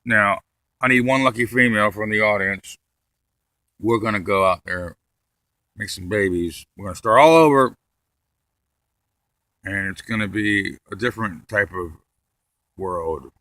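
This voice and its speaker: Bright-voiced man doing a rambling stand-up set. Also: lowish voice, unhurried, pauses often, no room sound. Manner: rambling, deadpan delivery with frequent cursing. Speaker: stand-up comedian.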